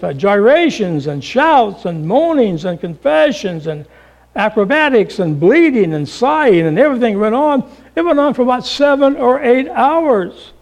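A middle-aged male pastor preaching a sermon, dramatic, acting out voices and swinging between loud calls and hushed lines, calling the listeners folks. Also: very high-pitched, muffled recording. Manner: addresses the congregation as folks.

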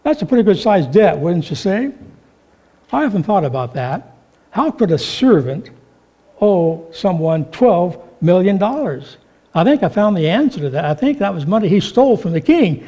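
A man preaching a sermon, telling stories with animated delivery and acting out the voices in them. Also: high voice, moderate pace. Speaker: pastor.

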